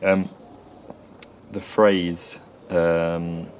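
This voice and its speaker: A man presenting an educational talk to camera outdoors, measured and explanatory, often correcting himself. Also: deep voice, level tone, slight background noise. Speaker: video presenter on accents. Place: outdoors near a tree with birds.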